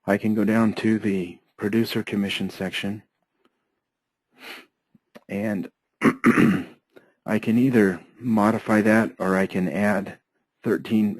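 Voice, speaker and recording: A hoarse man with a lowish voice guides learners through an accounting program, one methodical step at a time. He keeps clearing his throat as he goes. The sound is dry and close, with no room around it. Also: no room sound, low-quality recording. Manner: steady, methodical step-by-step explaining. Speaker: software trainer. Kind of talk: screen-share software tutorial.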